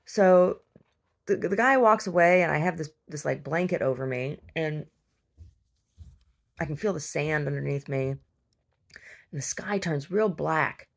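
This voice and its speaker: A woman talks in a loose, chatty way, circling back and restarting her sentences as she tells a long story. Her voice sits low and carries a gravelly fry. She hosts and shares everyday stories with her listeners. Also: unhurried, long pauses. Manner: chatty, heavy use of fillers and restarts. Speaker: podcast host. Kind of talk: casual rambling storytelling.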